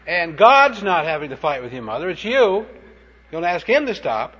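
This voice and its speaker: A man's voice: fairly high pitch, very animated, normal speed, bright, forceful tone, slightly rough. A man preaching a sermon, telling short anecdotes in a plain-spoken, punchy way. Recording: dull lo-fi recording.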